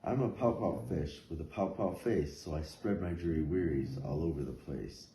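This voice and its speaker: A man's voice: low-pitched, moderate pace, dark tone, voice pushed down, natural voice. A man voicing a glum, gloomy male fish with a mopey, sing-song refrain. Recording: echoey room, faint noise.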